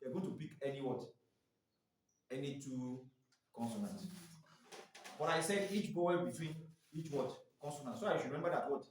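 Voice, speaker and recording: This male staff trainer in his 40s has a slightly high voice and speaks at a normal speed with long pauses, quizzing his class and spelling out letters and sounds individually. He keeps prompting listeners with "what?" at the end of phrases during the lecture. The mic sits far from him in a booming, echoey room.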